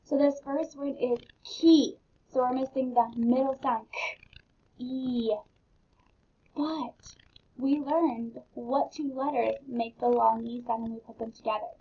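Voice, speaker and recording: A woman's voice: high voice, fairly even intonation, measured pace, husky. A woman teaching a phonics lesson to young children, patient and encouraging, spelling words out letter by letter. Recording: dull lo-fi sound.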